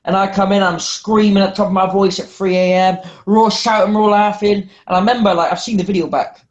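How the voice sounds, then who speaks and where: Animated man telling wild anecdotes. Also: high voice, fast, dull audio. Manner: animated storyteller, repeats himself, lots of "man" and "like". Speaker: wrestler guest.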